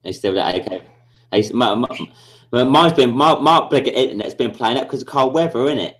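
A man's voice: medium pitch, fairly quick, a bit bright. Sweary man ranting on a livestream. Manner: sweary, blustering, repeats himself. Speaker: livestream host. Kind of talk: casual livestream chat.

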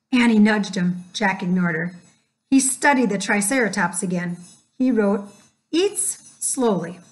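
A woman reads a children's storybook aloud in a gentle, measured voice. She takes her time, with a slightly high pitch. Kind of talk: scripted storybook narration.

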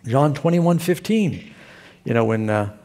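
A man's voice: medium pitch, lively intonation, a little slow, darkish tone. A male pastor who preaches a sermon in a folksy, storytelling way.

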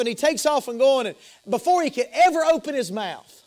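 A man's voice: extremely high pitch, expressive, fairly quick, a little mellow. A man with a Southern US accent preaching an evening sermon as pastor, impassioned, repeating and restarting phrases. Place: church sanctuary.

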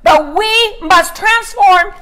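A woman pastor preaching, emphatic, slowing down to stress scripture. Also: very high voice, sharp tone. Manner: emphatic, slows to stress scripture, asks "Amen?". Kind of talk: sermon.

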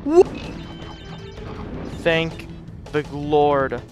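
A man's voice: a little high, sing-song, drawn-out words. A man giving casual commentary while playing a video game, frustrated, swearing often and muttering to himself. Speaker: let's play gamer. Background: game music.

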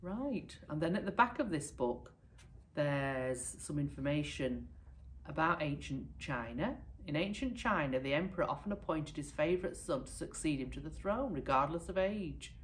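A woman teacher from the United Kingdom reading a picture book aloud to pupils with lively expression. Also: low voice, normal speed, a little hiss or hum. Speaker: primary school teacher.

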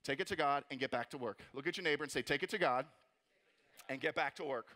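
A man in his thirties preaching an animated, joking sermon to a church crowd, acting out the voices he mocks. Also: on the high side, quick pace. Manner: animated, jokey, acts out mocking voices. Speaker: pastor. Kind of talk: energetic sermon. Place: church auditorium.

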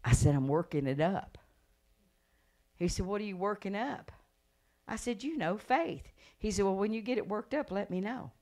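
Woman evangelist, middle-aged, revival sermon; dramatic storyteller who swells into loud, fervent preaching. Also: medium pitch, normal speed. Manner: animated storytelling, acts out voices and gasps; rises to loud preaching cadence.

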